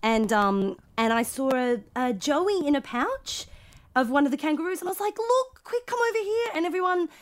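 High-voiced Australian woman, chatty. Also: animated. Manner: chatty, halting, laughing storyteller. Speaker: guest comedian. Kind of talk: casual podcast chat.

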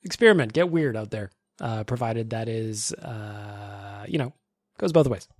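A man's voice: fairly low pitch, animated, unhurried, dry recording, clean studio sound. A young male podcast host chatting casually and enthusiastically, with self-deprecating humor.

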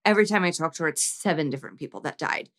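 A woman's voice: low-pitched, animated, racing, fairly bright tone. A woman co-hosting a podcast, making wry, joking asides during a casual movie recap. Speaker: podcast co-host.

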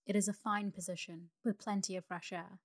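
A woman's voice: mid-range voice, little pitch movement, brisk, no room sound, clean studio sound, natural voice. A woman doing the Swallow, a fussy little bird. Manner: fussy and self-important. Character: fussy, proud male swallow, a small bird. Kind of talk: storybook reading for sleep.

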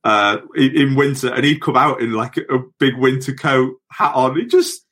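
On a podcast, a middle-aged former footballer recounts stories in an animated, mid-range, fairly bright voice at a normal speed. He keeps things chatty and laughs throughout his tales.

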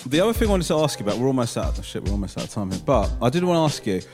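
A man's voice: medium pitch, sing-song, racing, loud music behind the voice. A British man hosting a casual chat, a stand-up comic who jokes, swears and rambles through his questions. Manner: joking, profane, rambling questions. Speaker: podcast host, stand-up comic.

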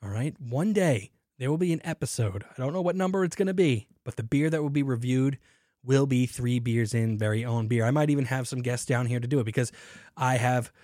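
A man with a mid-range, darkish voice talks briskly into a studio microphone, with no echo. Hosting his own podcast from a cramped home studio, he chats casually in solo talk full of fillers and self-mocking asides.

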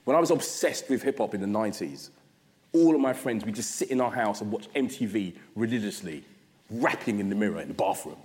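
Animated storyteller in a hall. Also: male voice, fairly low pitch, fairly quick. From South London. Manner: animated, humorous, conversational. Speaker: guest speaker. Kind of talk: storytelling address. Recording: long hall reverb.

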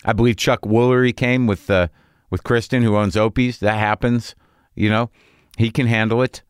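A middle-aged man hosts a podcast, launching into a rambling, profane, casual monologue with plenty of restarts and trailing thoughts. His mid-range voice is smooth and steady at a moderate pace, recorded in clean studio sound without echo.

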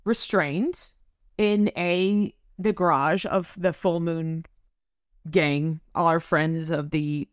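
A woman's voice: on the low side, fairly even intonation, extremely slow, smooth, no echo, studio quality. A woman co-hosting a casual book podcast, laughing often, cursing freely and reading quotes aloud. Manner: giggly, swears freely, reads quotes aloud. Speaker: podcast co-host.

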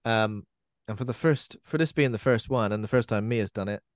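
Male host, relaxed film chat, dry close recording. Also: lowish voice, a little fast, no echo. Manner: conversational, often ends with tag questions. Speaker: podcast host. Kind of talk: casual film discussion.

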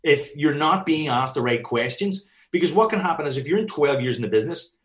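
A man's voice: fairly high pitch, expressive, a little fast. Blunt swearing man coaching trainers. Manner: blunt, swears often, acts out dialogue. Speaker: fitness business coach. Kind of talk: casual podcast chat.

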